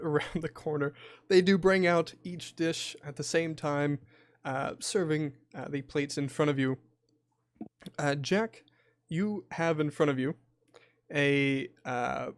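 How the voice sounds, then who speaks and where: A man with a slightly high voice narrates a tabletop horror game as its game master. He describes each scene with many hesitant filler pauses. The sound is dry and close-miked. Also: no room sound.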